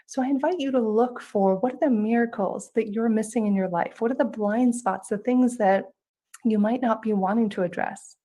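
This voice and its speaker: A woman giving a spiritual talk at a conference, telling stories in a gently instructive way. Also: on the high side, moderate pace. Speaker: conference speaker and author.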